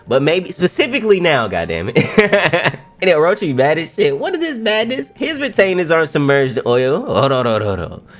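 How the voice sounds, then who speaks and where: A man with a medium-pitched voice reacts live to a new manga chapter. He's excitable and profane, frequently laughing and exclaiming loudly.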